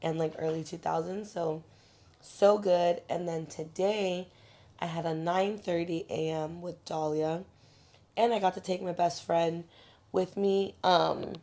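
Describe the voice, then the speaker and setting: Low-voiced young woman, chatty podcast host. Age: young adult. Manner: relaxed, chatty, drawn-out speech with fillers. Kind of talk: casual chat.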